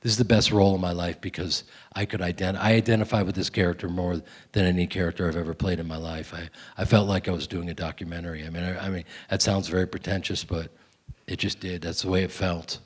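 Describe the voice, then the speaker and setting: A man's voice: sits low, quick pace, husky. A man, an actor, telling rambling, self-deprecating stories while answering audience questions at a film festival Q&A. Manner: rambling, animated, self-deprecating, many restarts. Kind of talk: festival Q&A storytelling.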